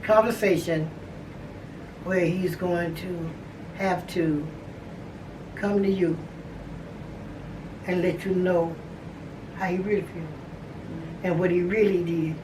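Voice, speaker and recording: A woman's voice: on the low side, steady tone, slow pace, pauses often, far from the mic. An older woman, the host's grandmother, giving consoling family advice in a soothing, insistent way and repeating short phrases. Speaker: grandmother of the host. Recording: echoey room, voice from off-mic, faint hiss.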